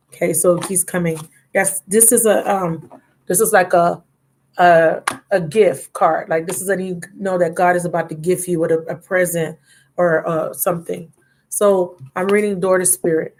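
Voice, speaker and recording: A woman's voice: on the low side, fairly even intonation, normal speed, a little mellow. A woman giving a live tarot reading, chatty and affectionate, reading card texts aloud. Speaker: tarot reader.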